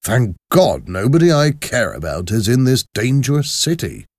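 A man's voice: mid-range voice, sing-song, normal speed, darkish tone, dry recording, studio quality, pitched above the performer's own voice. A man voicing an anxious, protective older male banker in a storybook reading. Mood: worried. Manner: worried, fussy.

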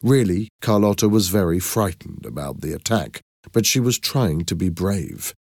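A man reading an audiobook in a clear, expressive storytelling manner. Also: sits low, normal speed, no room sound, studio quality. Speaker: narrator.

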